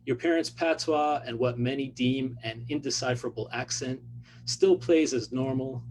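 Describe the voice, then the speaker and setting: A man, an author, reading his own fiction aloud in a measured, even delivery. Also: medium pitch, poor audio.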